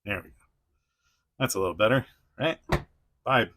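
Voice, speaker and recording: A man's voice: lowish voice, moderate pace, pushed and bright. A man hosting a casual toy unboxing review, rambling with frequent chuckles and restarts.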